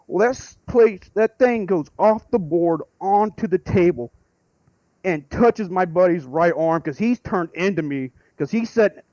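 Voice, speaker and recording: A man calling in to tell a rambling story, excitable and swearing freely. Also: sits high, unhurried, dry recording, highs cut off. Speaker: caller. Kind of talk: casual storytelling.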